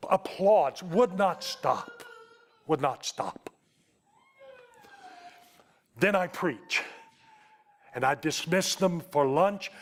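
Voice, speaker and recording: Preacher man telling an emotional testimony. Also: fairly high pitch. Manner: emotional testimony, slows to a hush at tender moments. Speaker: Baptist preacher. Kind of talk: storytelling sermon.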